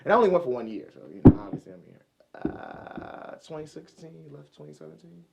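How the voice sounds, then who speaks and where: A young man co-hosting a podcast, telling a casual story and acting out loud, high-pitched outbursts. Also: big pitch swings, a little fast, creaky, a loud crowd. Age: young adult. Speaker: podcast co-host.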